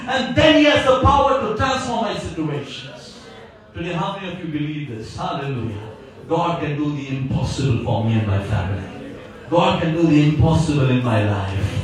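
A man's voice: sits high, lively intonation, a little slow, a bit bright, very echoey, distant mic, low-quality recording. A man preaching a sermon, calling out hallelujah again and again and asking the congregation questions. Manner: repetitive call-and-response, frequent hallelujahs. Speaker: pastor.

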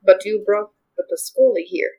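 A woman's voice: mid-range voice, normal speed, mellow, lightly acted. A woman voicing a brash female dragon-folk leader in a tabletop game, with a put-on Russian-sounding accent and a blunt, swearing way of talking. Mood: demanding.

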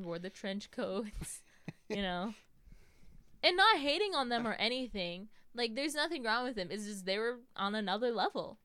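A woman's voice: medium pitch, fairly bright tone, clear, resonant tone, dry recording. A young American woman chatting casually as a podcast host, telling stories with lots of "like" and "you know". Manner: acts out quotes in a raised voice. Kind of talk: casual chat.

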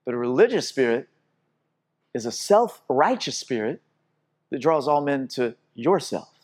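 A man preaching a sermon with impassioned delivery, repeating words and restarting phrases, swinging between loud exhortation and quiet intensity. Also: mid-range voice, big pitch swings, measured pace, breathy edge.

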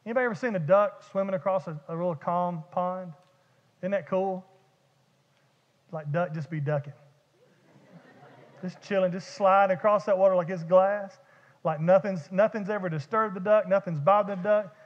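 A man preaching a sermon as pastor, animated and conversational, with vivid humor and repeated words. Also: high voice, brisk. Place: church sanctuary. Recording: dull echoey church hall.

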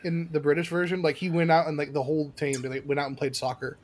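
A man's voice: fairly high pitch, level tone, quick pace. A man co-hosting a casual podcast chat, enthusiastic and talking in long stretches. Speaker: podcast co-host.

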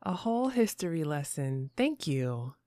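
Woman podcast host, curious, chatty questions, lower pitch, dry sound. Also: very animated, measured pace, dark tone, no room sound. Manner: curious, asks rambling questions with fillers. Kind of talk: conversational interview.

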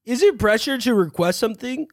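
A young man in casual crude banter, wry and quick to disagree. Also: extremely high pitch, lively intonation.

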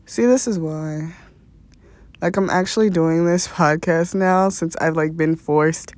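A woman's voice: low voice, unhurried, darkish tone, no room sound. A young woman hosting a podcast, telling a rambling story in a casual, profane way and laughing often. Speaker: podcast host.

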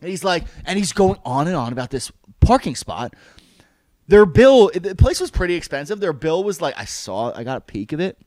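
Guy ranting through a wild restaurant story, pitch all over the place, kinda high, dry sound. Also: moderate pace, dry recording. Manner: animated, profane, lots of "like". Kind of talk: casual storytelling chat.

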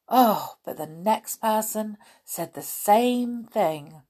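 A woman reading a children's story aloud in an expressive, unhurried way. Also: mid-range voice.

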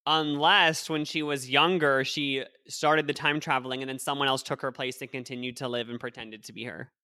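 A man's voice: medium pitch, fairly even intonation, moderate pace, pushed and bright, no echo, studio quality. A young man with a nasal voice, co-hosting a casual podcast and rambling along with lots of fillers. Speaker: podcast co-host. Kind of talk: casual chat.

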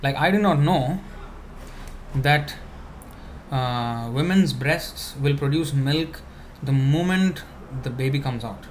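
A man giving a conversational spiritual talk, answering questions with many fillers and restarts, now and then laughing softly. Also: medium pitch, slow pace, slight background noise.

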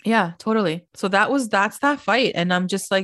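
A young woman co-hosting a podcast, recapping reality TV in a casual, fast, filler-heavy way, often acting out what others said. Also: medium pitch, fairly bright tone, no room sound, clean studio sound. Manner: fast, filler-heavy retelling with quoted voices. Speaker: podcast co-host.

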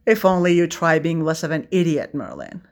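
A woman's voice: low voice, sing-song, normal speed, darkish tone. A woman doing Arthur, a teasing young prince.

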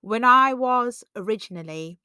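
A woman hosts a self-help podcast in a relaxed, conversational monologue. She leaps into animated quoted voices now and then, and the recording is close and dry with no room sound. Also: normal speed, clean tone, no room sound. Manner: conversational, acts out quoted voices with big pitch jumps. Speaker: podcast host.

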